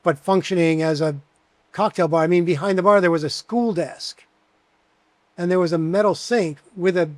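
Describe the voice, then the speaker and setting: Chatty high-voiced bartender, around 60. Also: male voice, normal speed, no room sound. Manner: chatty, animated anecdotes with many fillers. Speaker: bartender guest. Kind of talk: casual interview storytelling.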